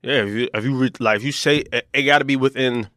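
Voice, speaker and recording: A man's voice: medium pitch, fairly even intonation, fast, sharp tone, no room sound, clean studio sound. Man hosting a loose podcast chat. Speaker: podcast host.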